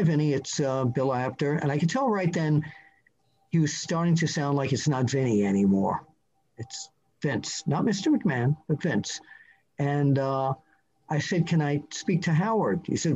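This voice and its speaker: A man's voice: mid-range voice, darkish tone. Older New man, interview guest, rambling anecdotal storyteller, muffled lo-fi sound. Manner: rambling, anecdotal, with many fillers and restarts. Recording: muffled lo-fi audio.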